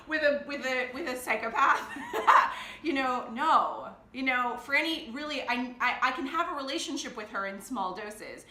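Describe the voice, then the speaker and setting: In an echoey room, a life coach speaks openly to her device in a confessional vlog, emotional, blunt and quick to laugh. Her voice runs on the high side, pushed and bright, with slight background noise behind it.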